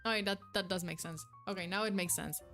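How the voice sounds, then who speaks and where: A young woman chatting casually on a live stream, reacting to chat with quick, giggly, animated replies. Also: on the low side, faint music behind.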